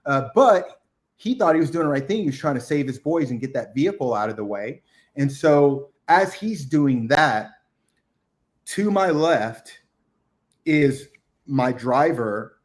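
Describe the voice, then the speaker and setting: A middle-aged man, a retired military chief, telling a combat story as a podcast guest, acting out the shouted orders. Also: mid-range voice, a little slow. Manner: animated war storytelling, acts out shouted quotes. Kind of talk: casual storytelling interview.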